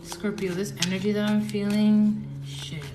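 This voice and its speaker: A woman giving a casual tarot reading to camera, who swings from low murmuring to squealing excitement and swearing. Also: normal speed. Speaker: tarot reader. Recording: roomy echo, faint background noise.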